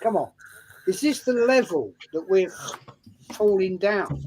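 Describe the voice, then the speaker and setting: A man's voice: sits high, animated, unhurried, pauses often, a little mellow, husky. A man, a panelist on a fan podcast who jokes and rants in exasperation. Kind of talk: casual chat.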